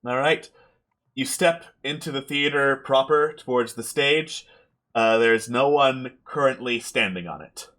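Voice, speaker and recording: A man narrating as game master of a tabletop game, relaxed with frequent fillers. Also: mid-range voice, unhurried.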